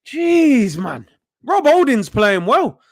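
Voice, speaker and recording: A young man hosting a live football watchalong, reacting excitedly and yelling at the players. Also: very high-pitched, slow pace. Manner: excitable, shouting at players, frequent outbursts. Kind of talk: live match reaction commentary.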